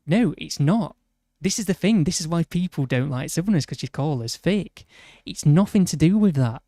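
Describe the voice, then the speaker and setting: A man with a Yorkshire accent streaming a game, rambling and indignant in casual banter, full of quick restarts. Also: fairly high pitch, lively intonation, dark tone, no echo, clean studio sound. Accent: Yorkshire English. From Yorkshire, England. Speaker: livestreamer. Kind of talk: casual gaming stream chat.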